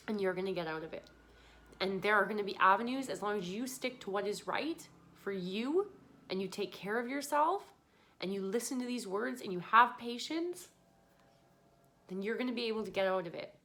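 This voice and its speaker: A woman's voice: mid-range voice, expressive, moderate pace, a bit bright. A woman hosting a podcast, tearful and earnest, giving a pleading motivational monologue. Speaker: podcast host.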